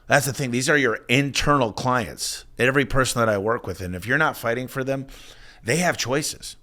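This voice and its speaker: A man in his forties, a business owner telling stories as an interview guest in an energetic, emphatic way. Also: mid-range voice, brisk. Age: 40s. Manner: energetic, emphatic storyteller with frequent restarts. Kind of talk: casual interview talk.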